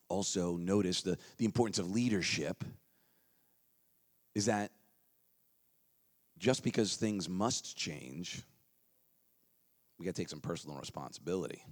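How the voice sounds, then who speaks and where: A man giving an energetic motivational seminar talk, leading the crowd in chants and dropping into quiet asides. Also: lowish voice. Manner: energetic, leads crowd chants, swings between loud calls and quiet asides.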